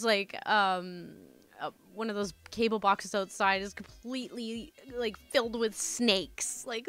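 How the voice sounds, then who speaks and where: A woman's voice: on the high side, fairly bright tone. A woman hosting a storytime channel, reading stories and chatting casually, swearing and calling listeners "my dudes".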